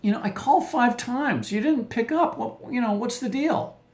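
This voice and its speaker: A man's voice: extremely high pitch, moderate pace, darkish tone, voice pushed up. A man voicing a questioning wife who checks up on her husband with pointed questions. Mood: prying.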